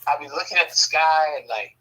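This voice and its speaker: A man telling a family story casually, profane and animated, often laughing. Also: a little high, a little fast, husky, poor audio.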